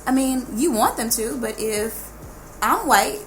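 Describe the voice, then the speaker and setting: A woman's voice: a little high, lively intonation, a little slow, soft background music. A woman from Dallas with a Southern accent, a podcast guest who talks bluntly and emphatically and swears freely. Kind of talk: casual podcast chat. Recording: noisy studio room.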